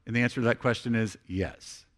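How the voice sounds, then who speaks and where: A man's voice: medium pitch, fairly even intonation, brisk, fairly bright tone. A man preaching a sermon as pastor, conversational and earnest, acting out heartfelt prayers.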